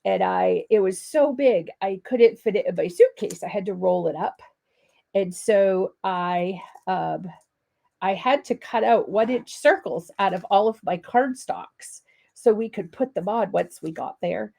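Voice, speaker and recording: Woman, Canadian accent, head cold, gravelly fry, rambling friendly crafting host. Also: medium pitch, measured pace, warm tone. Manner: rambling, friendly, lots of ums and asides. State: has a cold and cough. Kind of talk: chatty live crafting demo.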